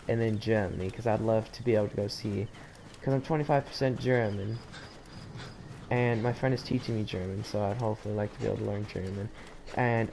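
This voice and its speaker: American male gamer host, low, gravel-edged voice, loose rambling commentary. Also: darkish tone, a little hiss or hum. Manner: rambling, chatty, self-interrupting. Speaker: gaming channel host. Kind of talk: casual let's-play commentary. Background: game music.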